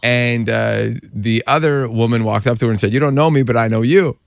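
A man's voice: medium pitch, brisk, gravelly, no echo, studio quality. A man hosting a radio show, telling stories in casual chat and acting out what people said. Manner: animated storyteller, acts out quotes.

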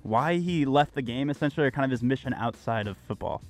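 Casual sports podcast host. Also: male voice, mid-range voice, lively intonation, quick pace, soft background music. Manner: casual, introducing clips.

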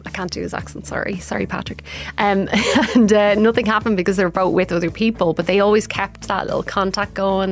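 A chatty woman joins a podcast as a journalist guest and tells her stories with lively energy. Her voice sits at a middle pitch, with faint music behind her. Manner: chatty, animated storytelling. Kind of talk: casual podcast chat.

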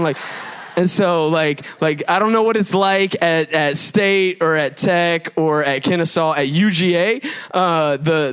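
A man in his thirties preaching to a crowd in a loose, joking way, full of fillers and self-deprecating asides. His voice sits a bit high for a man. The tone is smooth and resonant. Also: fairly bright tone. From Georgia, United States. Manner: chatty and self-deprecating, many fillers and laughs. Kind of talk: humorous sermon to a live crowd.

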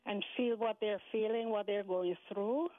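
A woman's voice: medium pitch, fairly even intonation, moderate pace, dry recording. A woman with a Guyanese accent, calling in to a radio show, polite and earnest. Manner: polite and earnest, says "sir". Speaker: caller. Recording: tinny phone line.

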